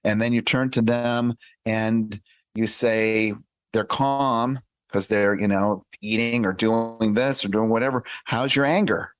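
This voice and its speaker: A man speaking as a coach in a casual podcast interview, animated and acting out little dialogues, with many restarts and repeated words. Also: medium pitch, a little slow, no echo. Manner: animated, acts out little dialogues in shifting voices. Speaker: career and life coach guest.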